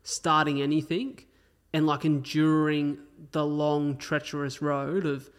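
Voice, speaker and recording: A man's voice: on the high side, level tone, measured pace. An Australian man hosting a casual podcast, telling personal stories in an earnest, open way with some swearing. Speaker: podcast host. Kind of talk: casual chat.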